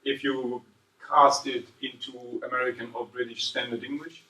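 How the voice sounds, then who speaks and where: A man's voice: medium pitch, normal speed. A man teaches a seminar class, peppering his points with questions to the room. He sounds a few steps back from the microphone, and his voice rings around the hall. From southern Germany. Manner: lively, quizzes the class, tags 'right?' after points. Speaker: university lecturer. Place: lecture room. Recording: echoey room, voice far from mic.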